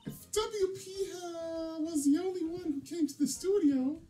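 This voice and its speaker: A man reading game dialogue aloud while voicing an excitable young female character in a raised girlish voice. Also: very high-pitched, measured pace, recorded from a distance, pitched above the performer's own voice. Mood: anxious, eager.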